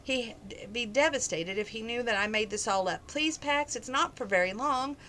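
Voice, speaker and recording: A woman reading aloud as a young ranch woman who is grieving and pleading in a hurried, tearful way. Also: mid-range voice, little pitch movement, bright, forceful tone, a little hiss or hum, close to an everyday voice.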